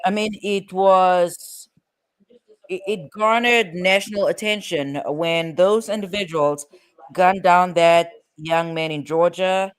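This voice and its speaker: A man's voice: sits high, fairly even intonation, slow pace, smooth. A man hosting a casual show about court cases, chatty and rambling with fillers and restarts. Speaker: host.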